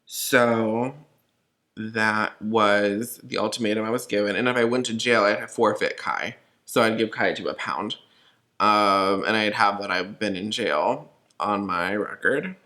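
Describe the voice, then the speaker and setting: A man's voice: on the low side, a little slow, bright, forceful tone. A young man from California, shaken and upset, telling a personal story in a casual, profane, rambling way full of fillers. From Los Angeles.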